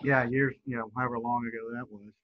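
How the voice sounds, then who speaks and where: A man's voice: mid-range voice, fairly even intonation, fast talker. Man hosting over dull lo-fi audio. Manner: hesitant, friendly, lots of fillers. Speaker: interview host. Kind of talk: casual interview.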